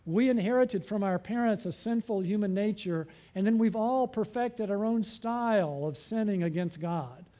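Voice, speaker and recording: A man's voice: sits high, normal speed, hardly any pauses, warm tone. A man preaching a sermon as pastor, earnest and pleading, often asking his listeners questions and building to fervent appeals.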